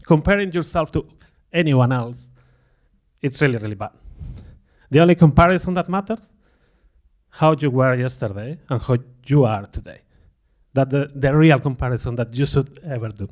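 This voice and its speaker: A man giving a conference talk before an audience, speaking candidly and poking fun at himself, with frequent laughs and lively acted-out quotes. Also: mid-range voice, moderate pace, long pauses. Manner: candid, self-deprecating, laughs often; acts out quoted remarks in a livelier voice.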